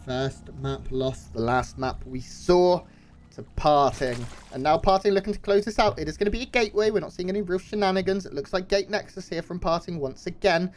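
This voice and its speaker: Male esports caster, high voice, brisk play-by-play, faint background hiss. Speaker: esports commentator. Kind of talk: live game commentary.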